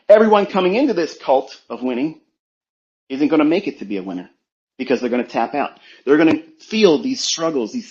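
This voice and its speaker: Preachy, profane man, fairly high voice. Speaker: trading mentor. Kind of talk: motivational rant. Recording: dull lo-fi sound.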